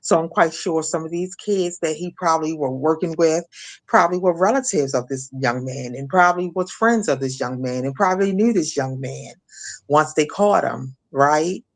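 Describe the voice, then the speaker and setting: A middle-aged woman from Maryland giving an emotional personal testimony as an interview guest, halting, repeating words and acting out what others said. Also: low-pitched. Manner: halting, repeats words, acts out quoted voices. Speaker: guest, shooting survivor.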